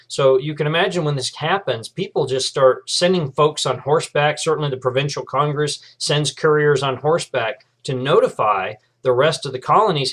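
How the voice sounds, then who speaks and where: A middle-aged man, a history professor giving a recorded lecture in a relaxed way, with many fillers and restarts. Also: mid-range voice.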